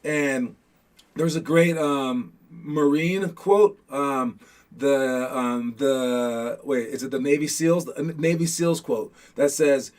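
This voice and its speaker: A man's voice: medium pitch, slow pace, darkish tone. A young man hosting a basketball show in a casual motivational talk, rambling with many restarts and frequent "all right?" check-ins. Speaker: host of a youth basketball show.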